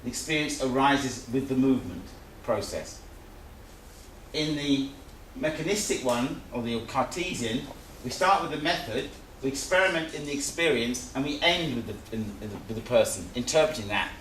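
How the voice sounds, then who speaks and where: A man's voice: mid-range voice, expressive, moderate pace, fairly bright tone. A man teaching a live seminar in a conversational, repetitive way, often restating his points. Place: seminar room. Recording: echoey room, distant mic, faint hiss.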